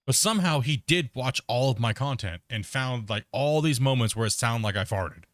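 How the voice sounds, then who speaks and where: A man's voice: mid-range voice, expressive, normal speed, fairly bright tone, no echo, studio quality. A man hosting a live gaming stream in casual chat, rambling and laid-back, laughing at himself and calling people "bro". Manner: rambling, laid-back, full of "bro" and "you know what I mean". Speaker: livestreaming gamer host.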